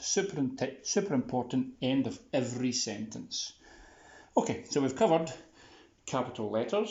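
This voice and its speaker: A man's voice: mid-range voice, a little mellow. A man teaching a punctuation lesson in a chatty, upbeat way with playful asides. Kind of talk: casual classroom video lesson. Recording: roomy, slightly dull sound.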